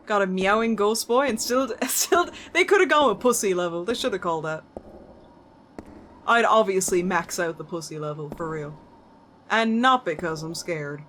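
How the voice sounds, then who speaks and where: A woman speaks at normal speed in a medium-pitched, animated, fairly bright voice, with slight background noise. Streaming a horror game, she jokes and chats, swears casually, and talks to the characters on screen.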